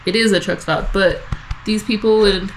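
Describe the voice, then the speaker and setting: A woman's voice: mid-range voice, fairly even intonation, normal speed, soft background music, low-quality recording. A woman co-hosting a casual podcast, telling rambling, profane work stories and laughing at her own punchlines. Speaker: podcast co-host. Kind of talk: casual chat.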